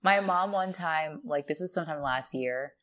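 Low-voiced chatty woman podcaster. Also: moderate pace. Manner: chatty, swearing, animated storytelling. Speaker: podcast co-host. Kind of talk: casual rewatch podcast chat.

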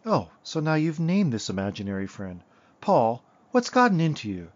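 A man voicing an impatient, sharp-tongued wife. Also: a little high, sing-song, normal speed, dull audio, pitched above the performer's own voice. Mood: exasperated. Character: exasperated middle-aged wife, sharp-tongued.

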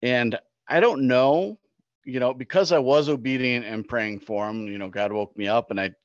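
A man's voice: mid-range voice, moderate pace, dry recording. A middle-aged man co-hosting a podcast, speaking in an earnest, reflective casual chat. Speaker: podcast co-host. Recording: slightly dull, lo-fi sound.

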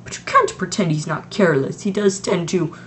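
Stern old witch lady, fussy, kinda high, teen reader doing her in a homemade audiobook, bit of hiss. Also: expressive, fairly quick, fairly bright tone, natural voice. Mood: indignant. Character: stern older female witch professor. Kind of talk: amateur audiobook reading.

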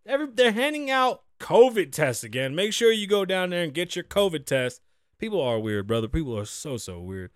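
A man's voice: high voice, sing-song, fairly quick, dry recording, clean studio sound. A man in his thirties hosting a casual solo podcast, ranting and joking in a loose, profane way. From United States. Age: 30s. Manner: loose, profane, joking rants with big swings. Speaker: podcast host.

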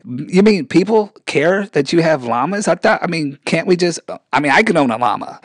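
A man's voice: on the high side, animated, moderate pace, no echo, studio quality. A man with a mixed military-brat accent, interviewing a guest, laughing along and steering the talk with follow-up questions. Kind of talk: comedic interview.

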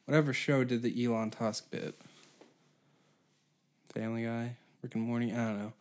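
A man's voice: medium pitch, fairly even intonation, normal speed, darkish tone. Profane rambling male podcast host. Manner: rambling, profane, riffing off the cuff. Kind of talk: solo comedy podcast rant.

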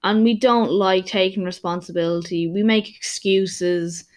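A woman's voice: mid-range voice, steady tone, measured pace, darkish tone. A young woman who is a personal trainer hosting her own podcast, talking candidly in a rambling, casual monologue full of restarts.

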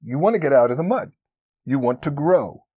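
A man co-hosts a conversational podcast in an earnest, encouraging manner. His pitch sits in the middle, and he slows down to stress his key points. The recording is close and dry. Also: expressive, mellow, breathy edge, dry recording. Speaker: podcast co-host.

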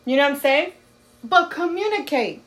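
A woman's voice: sits high, animated, moderate pace, a bit bright. A woman co-hosting a podcast, ranting bluntly and profanely in casual chat. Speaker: podcast co-host.

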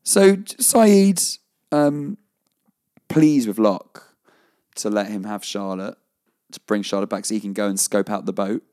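A man's voice: lowish voice, a little slow, dark tone. A man, co-hosting a casual podcast chat, talking with eager enthusiasm and frequent laughter. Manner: enthusiastic, rambling, laughs often. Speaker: podcast co-host. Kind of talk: casual chat recapping a TV episode.

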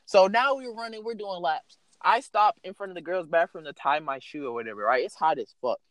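A young man telling a story in a casual, animated way, swearing freely and filling his speech with "like". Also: high voice, a little fast, dry recording. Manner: animated, profane, lots of fillers.

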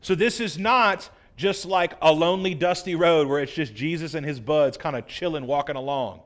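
A high-pitched man delivers a Sunday sermon. He teaches earnestly, then slips into relaxed, chatty asides to his congregation. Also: moderate pace. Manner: earnest, conversational preaching with casual asides. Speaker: pastor.

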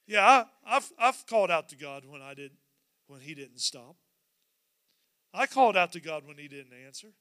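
Male pastor, sermon delivery, smooth and resonant, lively storytelling that dips into hushed confession. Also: a little high, no room sound. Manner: animated, acts out the scripture scenes; drops to a quiet, confessional tone at times.

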